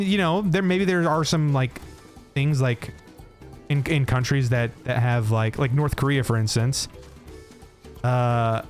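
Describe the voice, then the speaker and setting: A young American man streaming a game, chatting with viewers in a rambling, laughing way and swearing freely. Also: mid-range voice. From United States. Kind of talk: casual chat with viewers while gaming.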